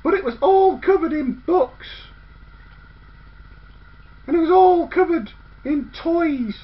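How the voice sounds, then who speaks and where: A woman tells a children's story in a playful way and briskly hushes a man who interrupts. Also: very high voice, lively intonation. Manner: bossy narrator who acts out the girls' lines. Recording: dull lo-fi recording.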